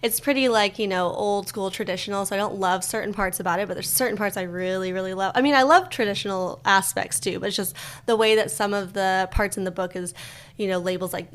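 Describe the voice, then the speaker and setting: A woman hosts a relaxed podcast conversation, her pitch sitting in a middle range. She speaks reflectively, circling back with fillers and restarts as she thinks aloud. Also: quick pace. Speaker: podcast host. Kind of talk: casual conversation.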